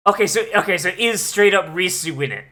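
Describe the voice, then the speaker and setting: A man's voice: sits high, lively intonation, fast talker, bright, forceful tone. A man hosting an anime watch-along, reacting with profane, incredulous outbursts and running commentary.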